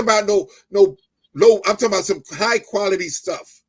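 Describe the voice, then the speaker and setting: Here a middle-aged interview guest from New Jersey tells an emotional personal story in a high, slightly rough voice at a moderate pace. He stays animated throughout, often breaking into laughter and growing loud in excited moments.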